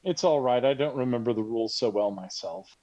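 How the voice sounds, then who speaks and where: Acting as game master in an online tabletop game, a man narrates over voice chat in a chatty, encouraging way. His medium-pitched voice moves a little fast with lively intonation, though the audio is dull.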